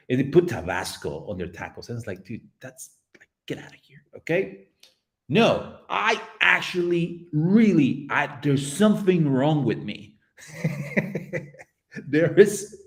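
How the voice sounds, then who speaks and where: Lively, joking live-stream host man. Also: a little high. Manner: playful, rambling, jokey, addresses chat directly. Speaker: livestream host painting community art. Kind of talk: casual live-stream chat.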